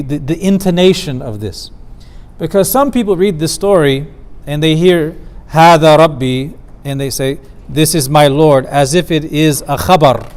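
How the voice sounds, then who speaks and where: Measured man teaching a theology class. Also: a little high, darkish tone. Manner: measured, explanatory, slows for emphasis on quoted verses. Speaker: Islamic studies teacher. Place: community center class.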